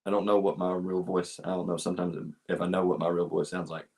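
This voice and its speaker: Husky low-voiced man joking around. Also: level tone, fast talker, darkish tone. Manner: joking, self-mocking, swears freely. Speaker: comedian co-host. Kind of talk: casual chat.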